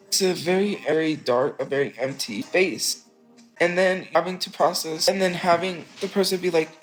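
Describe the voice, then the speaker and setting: A woman's voice: fairly low pitch, a little fast, soft background music, poor audio. A woman streamer talking in a rambling, emotional, confessional way. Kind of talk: casual rambling stream talk.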